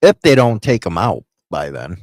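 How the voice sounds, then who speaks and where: A man's voice: deep voice, sing-song, normal speed, darkish tone, dry recording, studio quality. A man joining a casual livestream chat, blunt and sarcastic.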